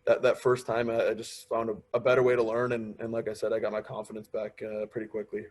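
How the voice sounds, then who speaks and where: A man's voice: on the low side, fast. A man in his twenties, a guest on a podcast, chatting casually and telling stories, often acting out what others said to him. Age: 20s. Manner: storytelling, quoting others in lively asides. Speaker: podcast guest, pro hockey player. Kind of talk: casual interview chat.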